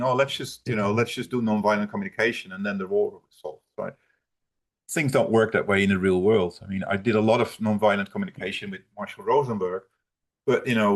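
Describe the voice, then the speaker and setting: A man fields questions over a video call, his voice sitting on the low side. He talks in a halting way, restarting sentences and leaning on fillers as he works through his points. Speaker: presenter. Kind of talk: live online talk Q&A.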